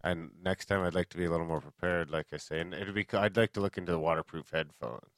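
A man's voice: deep voice, fairly even intonation, fast, dry recording. A man co-hosting a podcast in casual chat, joking around and swearing freely. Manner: joking, profane banter. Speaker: podcast co-host.

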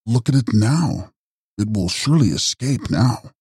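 A man reading an audiobook voices a brave, forceful gentleman who chases a monster, speaking low and urgently. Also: lively intonation, measured pace, husky, no echo, clean studio sound. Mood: shaken. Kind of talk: audiobook character voice.

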